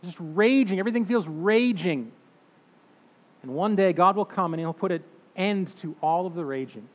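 A man in his thirties or forties preaching a sermon, emphatic, swinging between loud declarations and hushed, slow phrases. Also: high voice. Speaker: pastor. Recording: long reverb of a large hall.

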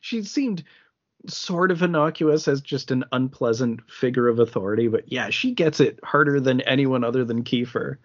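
Chatty man recapping a film, lo-fi. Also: mid-range voice. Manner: chatty, swears freely, acts out scenes in quick voices. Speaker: podcast co-host. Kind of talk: casual film discussion.

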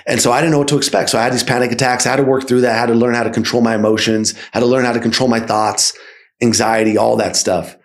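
A sales company founder, appearing as a podcast guest, tells his story at a quick pace in a medium-pitched voice. He's casual and energetic, frequently checking in with listeners by asking "right?"

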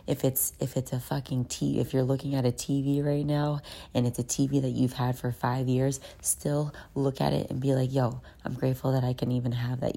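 Very deep-voiced woman with a gravelly edge. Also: warm tone. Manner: chatty, profane, slips into whispers. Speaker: vlogger. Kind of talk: casual self-help voice note. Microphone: phone voice note.

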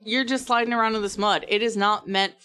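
A game master calls the shots in a laid-back tabletop session, speaking at a mid-range pitch. The delivery is casual and playful, and the voice sounds easily amused. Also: steady tone, brisk, bright, forceful tone, clear, resonant tone. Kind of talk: running a tabletop game with friends.

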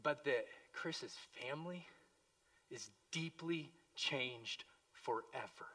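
A man preaching a sermon as pastor, impassioned, moving between hushed pleading and loud emphasis. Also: mid-range voice, slow pace, distant mic.

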